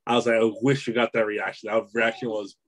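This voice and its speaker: A man with a voice on the lower side chats casually as an interview guest. He rambles easily, fills gaps with "you know" and breaks into laughter often. His tone stays relaxed and conversational. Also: fast, rough recording. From Canada. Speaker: author and entrepreneur, guest.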